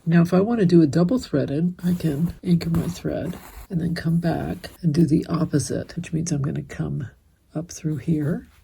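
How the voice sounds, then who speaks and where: A middle-aged woman hosting a casual embroidery tutorial, chatting gently and thinking aloud as she demonstrates each stitch. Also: low voice, normal speed, creaky, slightly rough. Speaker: embroidery teacher and channel host. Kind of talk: casual step-by-step craft tutorial.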